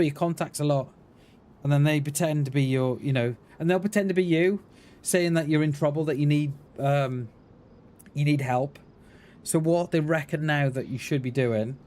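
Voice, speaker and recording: A man's voice: a little high, dark tone. A man chatting in a rambling, chummy way with his viewers while he streams a game. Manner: rambling, chummy, addresses chat as mate and buddy. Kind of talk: casual live-stream chat while playing. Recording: clear game noise behind the voice.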